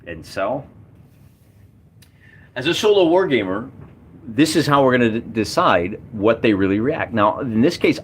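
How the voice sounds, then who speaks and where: A man's voice: mid-range voice, slight background noise. A man casually talking through a solo tabletop game, enthusiastic and rambling as he rolls dice and checks tables. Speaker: solo wargamer running a game.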